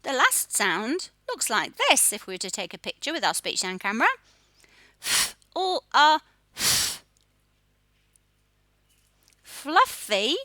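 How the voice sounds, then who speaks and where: A woman teaching a children's phonics lesson, sounding out letters in a slow, sing-song way. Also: a little high, pushed and bright, no room sound. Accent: Australian.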